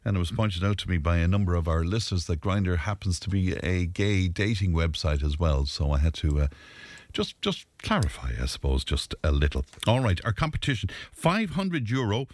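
A deep-voiced Irish man hosts a local radio show, his pitch swinging widely as he chats and laughs easily. The studio sound is dry and close. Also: animated, fairly quick, no room sound. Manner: easygoing, chatty, laughs readily. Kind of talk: local radio chat and competition. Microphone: studio microphone.

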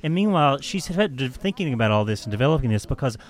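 A man's voice: medium pitch, big pitch swings, fast. A man hosting a casual podcast chat who tells a story with heavy swearing and mockery and laughs often.

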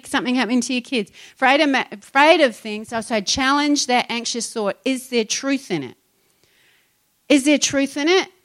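A middle-aged woman pastor, preaching in a conversational and animated way and acting out her own complaints. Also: fairly high pitch. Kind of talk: sermon.

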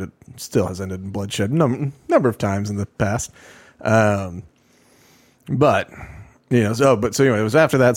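Podcast co-host, male, low-pitched, dry. Rambling, acts out quotes loudly. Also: dry recording. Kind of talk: casual chat.

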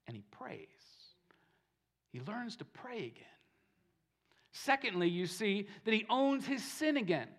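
Emphatic man preaching a sermon. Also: high-pitched. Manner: emphatic, repeats phrases, swings from soft to loud. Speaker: pastor. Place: church service.

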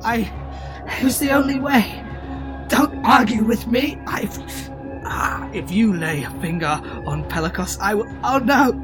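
A man voicing a nobleman being possessed, who speaks in a shrill and frantic way that keeps tipping into laughter. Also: measured pace, over music. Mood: desperate. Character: unravelling man possessed, manic and pleading.

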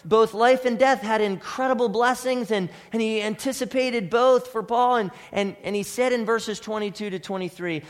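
A man's voice: high-pitched, normal speed, few pauses. A middle-aged man preaching a sermon as pastor, earnest and conversational, asking his listeners questions. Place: church sanctuary. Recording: reverberant church hall.

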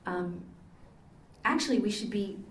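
An older Catholic sister speaks at a measured pace in a mid-range voice, giving a conversational lecture full of stories and frequent ums in a chatty, storytelling manner. She was recorded in an echoey meeting hall, far from the mic.

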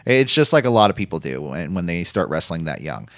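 A man's voice: low-pitched, big pitch swings, fairly quick, no echo, studio quality. A man co-hosting a casual podcast, rambling with lots of fillers as he recaps matches. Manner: rambling, filler-heavy, reads out match results. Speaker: podcast co-host recapping wrestling. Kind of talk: casual chat.

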